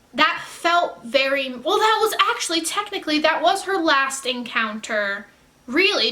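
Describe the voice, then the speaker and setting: A woman's voice: on the high side, sharp tone. A woman chatting casually in a reaction video, rambling and effusive, often correcting herself mid-sentence.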